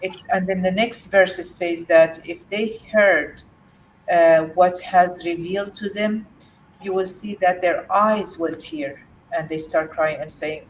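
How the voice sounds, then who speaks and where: Recorded on a far-off microphone with a little background noise, a Jordanian woman tells her own emotional story as an interview guest. Her voice sits on the low side with fairly even intonation, and her speech stops and restarts often, full of fillers.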